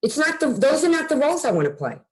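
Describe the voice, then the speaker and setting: A woman's voice: high voice, big pitch swings, a little hiss or hum, poor audio. Brash woman with a thick Long Island accent. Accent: Long Island New York. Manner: brash, fast-talking, swears freely. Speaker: guest. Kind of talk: casual chat.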